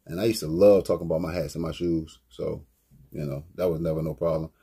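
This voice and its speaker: Male rapper, mellow and deep-toned, raspy voice, casual slangy album commentary. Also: little pitch movement, fast. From Virginia, US. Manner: laid-back, slangy, rambling. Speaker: rapper and brand owner.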